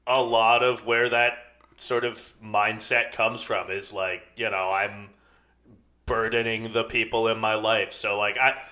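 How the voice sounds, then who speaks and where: A man's voice: on the low side, fairly even intonation, unhurried, sharp tone. A man co-hosting a film podcast in casual chat, thoughtful and hedging with plenty of filler words.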